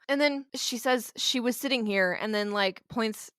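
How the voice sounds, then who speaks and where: A woman's voice: on the high side, a little fast, hardly any pauses, fairly bright tone, no room sound, studio quality. Sarcastic woman retelling a ghost story. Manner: blunt, sarcastic, swears and laughs while retelling. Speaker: podcast co-host. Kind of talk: casual storytelling chat.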